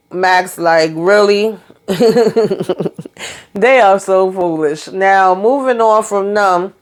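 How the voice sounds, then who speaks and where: A woman's voice: fairly low pitch, smooth. A woman casually recapping a TV episode, chatty and colloquial, with fillers and mild cursing, acting out the characters' lines. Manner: acts out characters' lines in quick voices. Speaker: TV recap vlogger.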